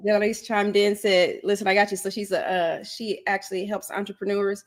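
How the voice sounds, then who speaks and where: A woman hosting a casual business panel, talking in a relaxed, chatty way. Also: medium pitch, a little fast. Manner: relaxed, chatty, laughs easily.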